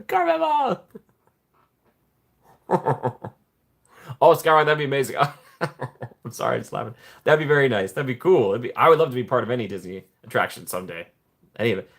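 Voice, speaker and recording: A man's voice: brisk, long pauses. Playful man hosting a live stream. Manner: playful and jokey, often laughing, with sudden excited jumps in pitch. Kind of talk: casual live stream chat, reading viewer comments.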